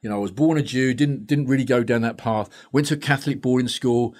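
A man's voice: medium pitch, quick pace, a little mellow. A man telling a story as a guest therapist in a podcast interview, blunt and straight-talking with plenty of swearing.

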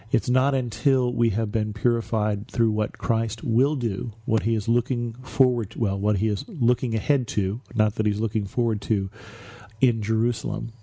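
A man with a mellow, slightly husky voice teaches through a Bible passage. He sounds reflective and explanatory, and he slows down on the key phrases. The recording is dry and close, with no room sound. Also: fairly low pitch, no echo. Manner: reflective, explanatory, with slow emphatic stretches. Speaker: Bible study podcast host.

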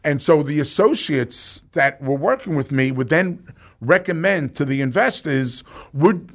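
A man with a strong New York accent, a company executive being interviewed, talking casually and telling animated stories with many fillers. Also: a little high, a little slow.

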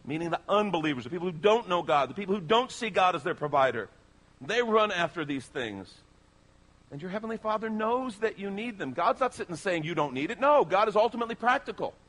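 A man pastor delivering a sermon, speaking emphatically and persuasively to his congregation. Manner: animated, emphatic preaching with sweeping pitch.

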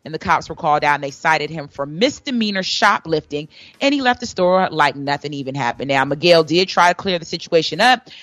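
A woman's voice: deep voice, no room sound, dull audio. A woman hosting a chatty entertainment news segment on the radio. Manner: lively, chatty, quick with a laugh.

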